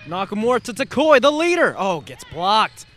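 A high-pitched man delivers fast, excitable play-by-play of a basketball game. His voice jumps to shouts whenever a big play lands. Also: faint music behind. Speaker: play-by-play announcer. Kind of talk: live basketball play-by-play commentary.

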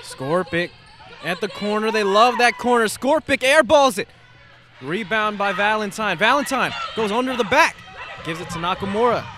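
A man calling live basketball play-by-play, excitable and rising to shouts on big plays. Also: high-pitched, normal speed. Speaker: play-by-play announcer.

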